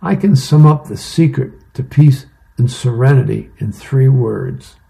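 A grumpy husband dispensing dry porch-step wisdom in a matter-of-fact way, voiced by a man reading comics aloud. The voice is low, gravelly and mellow. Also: animated, measured pace. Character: grumpy middle-aged husband philosophizing on a porch.

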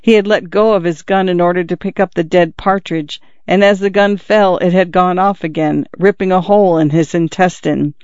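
A man narrating a classic short story in a measured, even storytelling manner. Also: high-pitched, clear, resonant tone, no echo, lo-fi sound.

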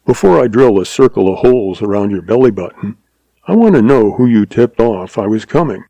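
A man's voice: fairly low pitch, animated, fairly quick, warm tone, no room sound, lo-fi sound. A man voicing a big, tough male cowboy who hunts rustlers, speaking in a terse, gritted drawl. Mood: hard, tense.

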